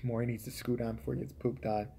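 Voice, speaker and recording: A man hosting a live stream, ranting casually and profanely, jumping from loud outbursts to muttered asides. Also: medium pitch, level tone, fast talker, slight background noise.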